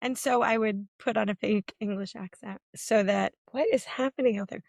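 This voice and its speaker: A woman in her forties, co-hosting a podcast, telling lively stories in a casual chat. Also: moderate pace, vocal fry, dry recording. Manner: animated storytelling, swings between high and low. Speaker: podcast co-host.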